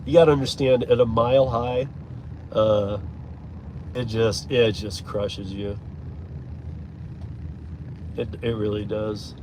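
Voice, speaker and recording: A man's voice: lowish voice, slow pace, long pauses. A man from Michigan, a rideshare driver, chats loosely with his stream while driving, rambling, chuckling and swearing casually. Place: inside a moving car. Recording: steady road noise from the car.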